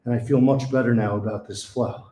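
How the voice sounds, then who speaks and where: Mid-range and mellow, with fairly even intonation, a young man talks briskly and casually as he trains in a small gym. He's a fitness vlogger, sighing and out of breath between exercises, recorded with reverb and faint hiss or hum.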